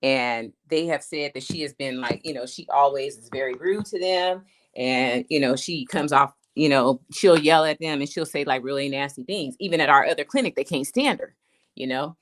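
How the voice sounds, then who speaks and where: Low-voiced woman ranting on a stream. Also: normal speed. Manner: chatty, repeats "you know what I'm saying"; blunt and emphatic, with laughter. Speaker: live streamer. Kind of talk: casual storytelling rant.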